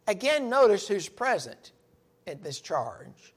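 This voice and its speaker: A man's voice: high-pitched, expressive, a little slow. A man teaching a Bible study, earnest and emphatic, stressing key words as he reads verses aloud.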